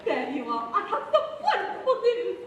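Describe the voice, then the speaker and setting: A woman's voice: very high voice, wildly swooping pitch, moderate pace, muffled recording, a crowd in the background, background noise, exaggerated voice. A young female student actor playing a flighty, theatrical starlet bride in a live stage musical, breathless and showy. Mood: giddy. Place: school auditorium stage. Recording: echoey hall from far off.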